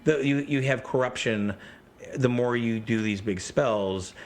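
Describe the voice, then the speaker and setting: A man telling gaming stories in a casual chat, rambling and animated, often breaking into quoted voices. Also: mid-range voice, measured pace. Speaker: podcast guest.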